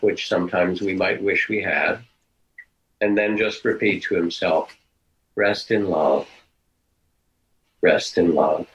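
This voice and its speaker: An older man giving a dharma talk as a meditation teacher, telling stories in a gentle, unhurried, reflective way. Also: fairly low pitch, gravelly, rough recording.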